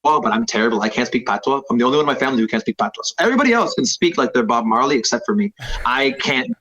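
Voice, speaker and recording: A man's voice: medium pitch, animated, racing, fairly bright tone. A man in his thirties, a jiu-jitsu instructor talking as a podcast guest, rambling and self-deprecating with lots of fillers. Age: 30s. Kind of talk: casual podcast conversation. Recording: slightly dull podcast audio.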